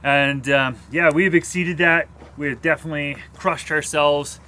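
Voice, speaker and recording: Plain-spoken man, steady voice. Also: fairly high pitch, normal speed, slight background noise. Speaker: professional cyclist. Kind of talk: casual vlog talk.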